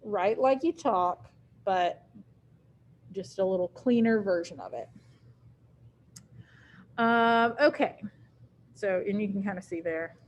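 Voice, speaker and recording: A woman's voice: medium pitch, animated, slow, pauses often, a little hiss or hum. A woman teacher with a Southern US accent walks a class through an assignment. She talks loosely and plainly, with frequent "um"s, in a mid-range voice. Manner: casual, filler-heavy, plain-spoken. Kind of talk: classroom instruction.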